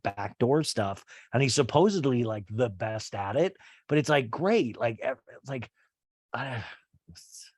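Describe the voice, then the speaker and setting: A young man hosts a loose, comedic recap of a reality show, rambling and swearing freely. His voice sits at an ordinary male pitch. The sound is dry and close, with no room echo. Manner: rambling and profane, heavy use of "like".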